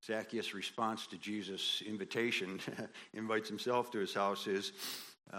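Male pastor, low-pitched but bright and forceful delivery; folksy sermon with acted-out quotes. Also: moderate pace. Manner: animated, builds to emphatic high peaks; folksy asides with quoted voices.

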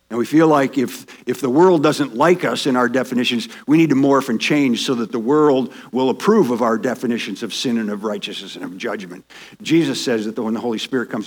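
Man teaching a Bible class. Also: mid-range voice. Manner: explanatory, walks listeners through verses with repetition.

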